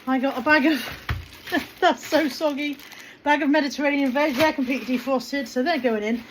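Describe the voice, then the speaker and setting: A woman's voice: sits high, steady tone, moderate pace, a little hiss or hum, rough recording. A woman vlogging casually to her camera, with wry, self-deprecating storytelling. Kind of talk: casual chatty vlog.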